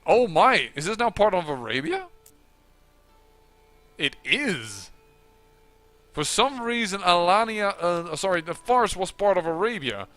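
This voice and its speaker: Bright-voiced man musing over a strategy game. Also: high voice, big pitch swings, measured pace, long pauses, soft background music. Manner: musing to himself, exasperated outbursts. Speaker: let's play commentator.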